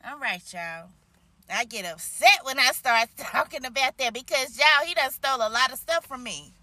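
A woman's voice: high-pitched, animated, normal speed, sharp tone, dry recording. A woman hosting a faith-based motivational podcast, preaching to her listeners and checking in with a frequent "okay?". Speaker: podcast host.

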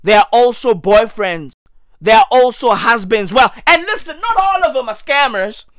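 A man delivering a profane comedic rant to camera, slangy and repetitive, with sudden loud outbursts. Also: extremely high pitch, expressive, moderate pace, no echo. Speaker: comedic ranter.

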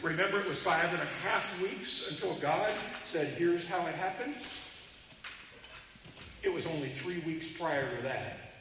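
A man's voice: a little high, measured pace. A man preaching a sermon from Texas, telling stories and acting out the voices of the people in them. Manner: animated, acts out voices in his stories. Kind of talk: storytelling sermon. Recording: echoey hall from far off, noisy.

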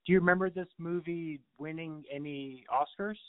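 A man with a fairly high voice steers a relaxed talk about a movie. He asks questions and answers with short, easy agreement. The sound is dry and narrow, like a phone call. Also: normal speed, dry recording. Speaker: movie podcast co-host. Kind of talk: casual chat. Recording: tinny phone-like line.

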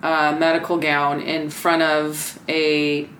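Low-voiced woman hosting a movie chat. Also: takes it slowly, roomy sound, slight background noise, low-quality recording. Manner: animated, acts out scenes in quoted voices. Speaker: podcast host. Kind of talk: casual chat recapping a film.

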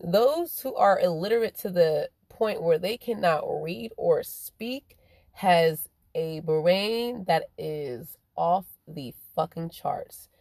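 A woman delivers a profane, rambling monologue, stretching some phrases out slowly and rushing through others. Her voice sits on the low side, and the recording is dry and close, with no room sound. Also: animated, gravelly, a little mellow, no echo. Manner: swears constantly, swings from drawn-out slow phrases to rapid bursts. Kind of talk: profane stream-of-consciousness monologue.

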